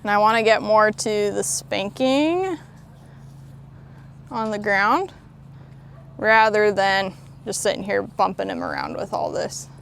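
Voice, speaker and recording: A woman's voice: mid-range voice, slow, creaky, long pauses, a bit bright, slight background noise. A woman horse trainer outdoors at a ranch, explaining a training demo and giving soothing, encouraging praise to a horse.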